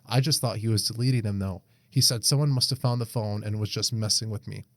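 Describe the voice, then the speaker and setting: Swearing podcast co-host. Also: male voice, on the low side, fairly even intonation, quick pace, no room sound. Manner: swears freely, laughs often, acts out quoted lines. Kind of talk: casual chat, reading a Reddit post aloud.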